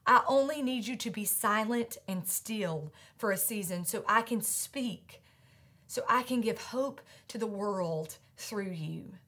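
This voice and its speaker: Woman pastor, sermon delivery, emphatic refrains, mid pitch. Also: fairly bright tone. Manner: emphatic, repeats refrains slowly, drops to a whisper.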